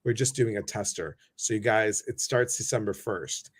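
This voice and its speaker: Brief: male live-stream host, casual and animated, greets viewers by name. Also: fairly low pitch, moderate pace, slightly rough.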